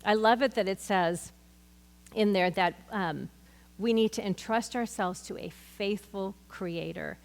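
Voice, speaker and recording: A woman's voice: mid-range voice, unhurried, gravelly. Earnest woman teaching Bible study, hall reverb. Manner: earnest and conversational, with personal anecdotes.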